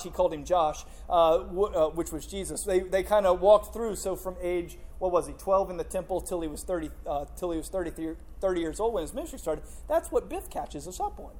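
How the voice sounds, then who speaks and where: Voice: mid-range voice, expressive, fairly quick, hardly any pauses, a little mellow. A pastor preaching a sermon to a congregation in a loose, conversational way, telling a humorous story before turning to scripture. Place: church in front of a congregation.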